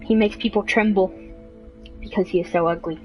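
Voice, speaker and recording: A woman narrating a mock nature documentary with deadpan, absurd humor. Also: medium pitch, a little fast, soft background music, poor audio. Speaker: video creator.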